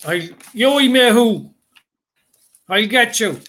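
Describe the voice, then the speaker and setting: A man doing a bossy old man who roars his orders in a high, strained, forceful voice, as if he's shouting across a river. It's a storyteller's put-on voice, loud and commanding, with a sharp, bright edge. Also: normal speed. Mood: roaring.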